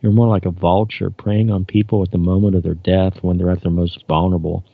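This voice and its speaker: A man reading the part of a resolute starship captain woman, gravelly low voice, plain read-aloud delivery, dull dry lo-fi sound. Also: little pitch movement, a little fast, no echo. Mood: defiant.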